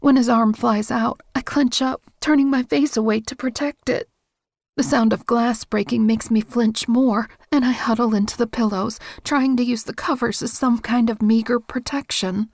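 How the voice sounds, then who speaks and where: A woman narrating a romance audiobook in first person, with a steady, intimate, measured reading. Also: on the high side, no room sound, studio quality.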